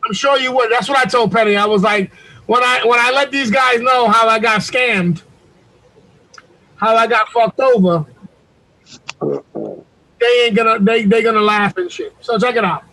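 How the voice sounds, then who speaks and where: A man with a strikingly high voice recounts events over a video call. He talks in an animated, street-slang style, swearing freely as the story runs on. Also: normal speed, long pauses, low-quality recording. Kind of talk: casual storytelling on a group call.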